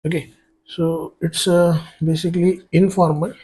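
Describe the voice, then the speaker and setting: A man's voice: fairly high pitch, level tone, a little slow, dark tone, breathy edge. A man teaching a French grammar lesson for exam prep, explaining step by step as he writes on a board and spelling words out letter by letter. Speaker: French tutor.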